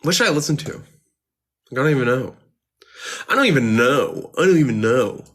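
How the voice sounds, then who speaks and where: A man's voice: mid-range voice, lively intonation, brisk, a bit bright. A man livestreaming who reads viewer messages aloud and answers them in a sarcastic, jokey way, swearing often. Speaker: livestreamer reading chat. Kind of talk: casual livestream chat. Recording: music playing clearly behind.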